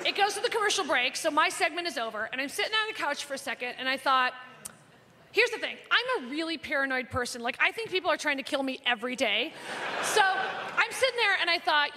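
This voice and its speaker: Very high-voiced brash comedienne. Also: female voice, big pitch swings, fast talker, bright, forceful tone. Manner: brash, profane, gossipy. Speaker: stand-up comedian. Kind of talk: stand-up storytelling. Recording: live hall recording with audience.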